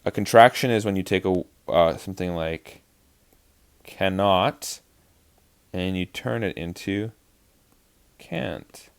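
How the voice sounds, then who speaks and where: A man's voice: low-pitched, slow, vocal fry, long pauses, clear, resonant tone. A man explaining verse rhythm as an acting teacher, in a chatty lesson with frequent fillers and restarts. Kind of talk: online lesson on verse speaking.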